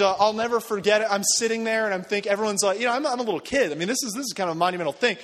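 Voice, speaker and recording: A young man preaching a sermon in a casual, joking storytelling manner with quick asides. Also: high voice, fairly bright tone, in a large hall. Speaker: pastor.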